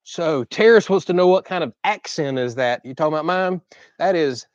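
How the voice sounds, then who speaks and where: A man with a deep Southern Florida drawl, casually reading and answering viewers' questions on a livestream. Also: normal speed, dry recording, muffled recording. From Southern United States. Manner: relaxed, reads viewer questions aloud and chats. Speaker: co-host of a channel livestream.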